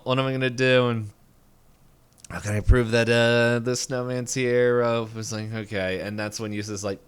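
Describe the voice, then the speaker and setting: A man with a fairly low, smooth voice recaps a cartoon episode for a podcast. He rambles casually and pops into short voiced lines from the characters as he goes. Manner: rambling, animated retelling with quick voiced quotes. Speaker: podcast co-host.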